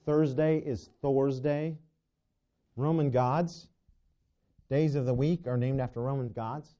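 Male preacher, sermon, very dark timbre, stumbling restarts, lo-fi church recording. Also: mid-range voice, steady tone, slow pace. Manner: asks the congregation rhetorical questions, stumbles and restarts. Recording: dull lo-fi recording.

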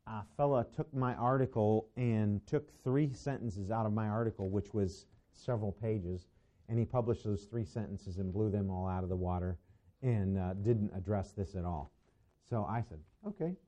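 A man's voice: lowish voice, mellow. A man teaching a Bible lesson to a class in a conversational, digressive way, with asides to his students.

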